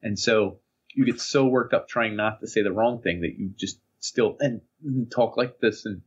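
A man's voice: fairly low pitch, normal speed. A young man co-hosting a podcast in casual chat, acting out stories with quoted voices. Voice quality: husky, animated storyteller who acts out quotes in voices. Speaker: podcast co-host. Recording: dull lo-fi sound.

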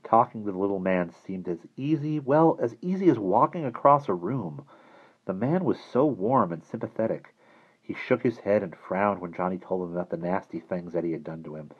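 Man, storybook narrator, husky, low, expressive pitch, muffled lo-fi recording. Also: moderate pace. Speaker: audiobook reader.

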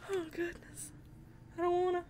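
A woman's voice: very high-pitched, darkish tone, slight background noise. A young woman playing a horror game on her channel, talking casually, jittery and frightened, laughing nervously between lines. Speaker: let's play gamer.

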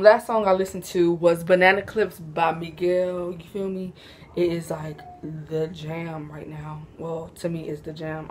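A woman's voice: on the low side, a little hiss or hum. A young woman chatting casually at home for a vlog, sleepy and yawning, laid-back and slangy, with frequent giggles. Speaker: vlogger. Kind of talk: casual Q&A chat to camera.

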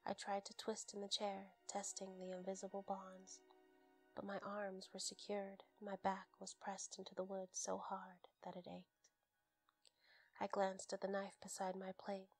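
A woman narrates a bedtime story in a soft, hushed whisper. Her delivery is steady and very flat, with a medium pitch. Faint music plays quietly underneath. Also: measured pace, slightly rough.

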